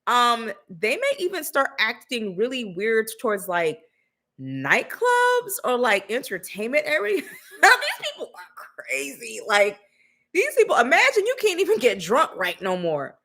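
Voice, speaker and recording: A woman's voice: a little high, wildly swooping pitch, unhurried, sharp tone. A woman co-hosting a podcast, talking in a blunt, sassy, slangy way with casual swearing. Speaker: podcast co-host. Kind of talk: casual commentary chat.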